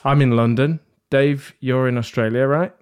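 A man's voice: medium pitch, steady tone, moderate pace, smooth. A man hosting a podcast panel, joking and rambling in a self-deprecating way. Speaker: podcast host. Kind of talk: casual panel chat. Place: London.

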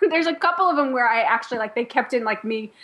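A woman talks through a story in a loose, chatty way. She peppers her lines with "like" and breaks into laughs. Her voice sits a little high. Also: animated, fairly quick, sharp tone. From Chicago. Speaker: podcast guest, company founder. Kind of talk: casual chat.

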